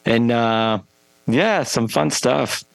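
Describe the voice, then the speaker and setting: A man's voice: mid-range voice, slow pace, gravelly, no echo, low-quality recording. A man, a band frontman and podcast guest, telling stories in a rambling way with many fillers and restarts, acting out the people he quotes. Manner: animated, acts out quoted people. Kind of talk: casual interview storytelling.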